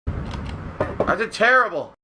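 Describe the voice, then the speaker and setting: A man's voice: high-pitched, very animated, slow pace, noisy background. A man hosting a live-stream podcast who chats casually with his viewers, reading out their messages and answering them with blunt sarcasm.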